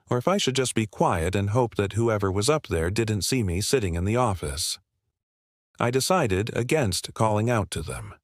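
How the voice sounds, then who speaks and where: Low-voiced man narrating a horror story. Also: dry recording, studio quality. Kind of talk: scripted first-person horror narration.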